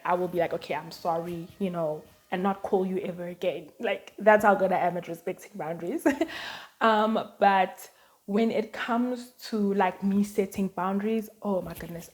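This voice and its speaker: Woman, vlogger, casual chat, filler-heavy storytelling, medium pitch. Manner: chatty, storytelling, many fillers and "like".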